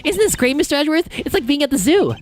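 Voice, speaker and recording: A player voicing a young woman thief, game character, high, excitable, bubbly. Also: fast talker, faint music behind. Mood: excited.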